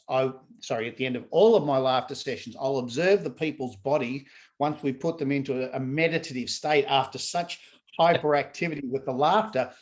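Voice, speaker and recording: A man with a fairly high voice talks as a guest in an easygoing conversation. He is animated and lively, and he acts out the voices of the people he describes. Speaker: laughter yoga trainer, guest. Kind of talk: casual conversation.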